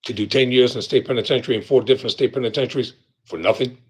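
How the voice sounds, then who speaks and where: Husky, fired-up man hosting a show. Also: medium pitch, rapid-fire. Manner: angry, emphatic, repeats points for force. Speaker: commentary show host. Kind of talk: live reaction commentary.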